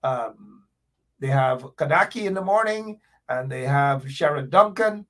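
A man hosting a political talk show, rambling and jokey, with animated outbursts. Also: mid-range voice, measured pace. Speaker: radio talk show host.

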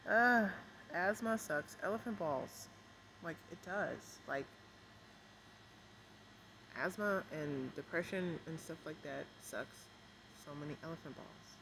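A stressed, emotional woman vlogging at home, rambling softly with many fillers and keeping her voice low. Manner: rambling, many fillers, kept deliberately quiet. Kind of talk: casual rambling vlog chat. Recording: noisy home recording.

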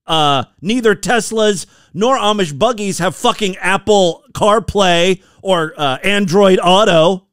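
A man's voice: high-pitched, takes it slowly, hardly any pauses, a bit bright, smooth, no echo, clean studio sound. A man from Ohio hosting a podcast, giving sarcastic, joking commentary on a news clip. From Ohio, USA. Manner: sarcastic, jokey asides. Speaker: podcast host.

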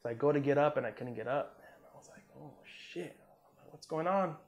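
Speaking briskly in a slightly high voice, this Army combat veteran describes a war experience in a casual interview. The Southern California native is relaxed and swears a lot, saying "man" and "you know" constantly and acting out quoted dialogue.

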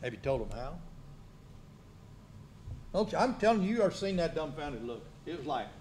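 Male preacher, high voice, homespun joking sermon, slight background noise. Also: big pitch swings, normal speed, a little mellow. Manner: folksy, joking, quizzes the congregation. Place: church.

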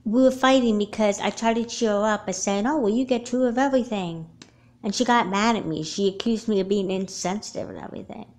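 A woman's voice: mid-range voice, a little fast, darkish tone, close to an everyday voice. A woman voicing an earnest, chatty young girl in a homemade doll movie, talking in long explanations. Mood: upset.

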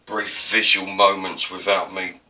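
A man's voice: low voice, little pitch movement, a little slow, bright, forceful tone, distant mic, a little hiss or hum. A man with an Essex accent, chatting casually and rambling while he demonstrates printmaking, self-deprecating and prone to digressions. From Essex, South East England. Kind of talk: casual tutorial narration.

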